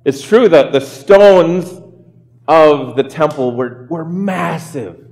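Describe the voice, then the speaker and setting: A man's voice: fairly high pitch, slow pace, darkish tone, in a large hall. A man, a pastor, giving a conversational sermon in a chatty way, often asking the listeners rhetorical questions.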